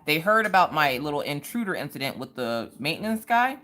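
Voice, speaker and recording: A talkative woman runs a relaxed livestream, telling stories and greeting viewers by name. Her voice sits low but swings up and down a lot as she talks. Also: brisk. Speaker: livestream host. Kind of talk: casual livestream chat.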